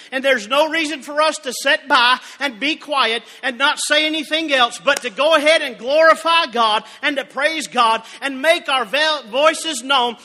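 A man preaching a revival sermon in a church, moving from storytelling into shouted fervor. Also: extremely high pitch. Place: church sanctuary. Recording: long church reverb.

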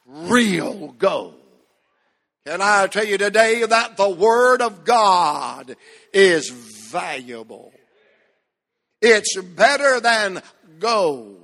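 A high, bright-voiced male pastor preaching in a church sanctuary. He talks slowly and builds emphatic, repeated phrases to loud peaks. Long reverb from the hall trails every line. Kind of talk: sermon.

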